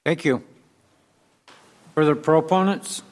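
A man's voice: a little high, takes it slowly, a little mellow. A man chairing a committee hearing, making brief procedural calls from off-mic.

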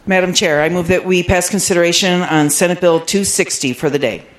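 A man serving as majority leader, making formulaic floor motions in a brisk manner. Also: high voice, a little hiss or hum, rough recording.

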